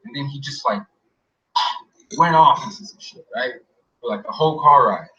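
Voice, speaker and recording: A man telling a story casually in a rambling way, with many fillers, often dropping to a quiet mumble. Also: mid-range voice, moderate pace. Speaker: interviewee recounting an experience. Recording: dull lo-fi audio.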